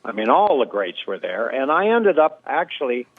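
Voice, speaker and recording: An older man from Canada spins relaxed anecdotes, full of ums and uhs, at an ordinary middle pitch. His voice comes through a dry, tinny, phone-like line. He speaks as a guest in an interview. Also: normal speed, no room sound. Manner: anecdotal, relaxed storyteller with many fillers. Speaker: guest impressionist. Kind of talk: storytelling interview.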